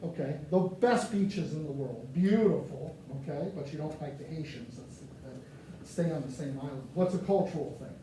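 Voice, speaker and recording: A man from the United States giving a lively, joking talk to a live audience, often asking them questions. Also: a little high, moderate pace. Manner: animated, joking, asks the crowd questions. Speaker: speaker addressing a live audience. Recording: echoey room, mic far off, faint noise.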